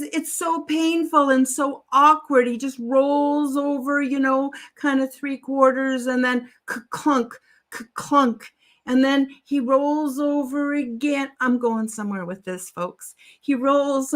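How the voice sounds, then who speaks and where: A woman's voice: sits high, fairly bright tone. A woman telling a long story on a live stream, meandering, breaking off and adding wry asides to her listeners. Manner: meandering, self-interrupting, with wry asides to the audience. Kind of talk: rambling spoken storytelling.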